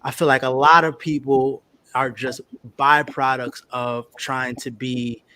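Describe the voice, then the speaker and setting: A man's voice: mid-range voice, level tone, unhurried, bright, forceful tone, no room sound, poor audio. A man with a mid-range voice thinks aloud on a panel. He speaks thoughtfully and hesitantly, leaning on plenty of fillers. His delivery is plain and conversational. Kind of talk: casual panel discussion.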